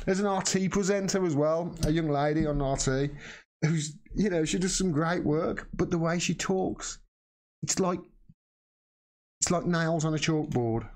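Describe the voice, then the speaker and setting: A man's voice: fairly high pitch, unhurried, a little mellow. Blunt, swearing man on a livestream. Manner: blunt, swears freely, impassioned. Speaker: livestream host answering viewer questions. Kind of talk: casual live stream chat.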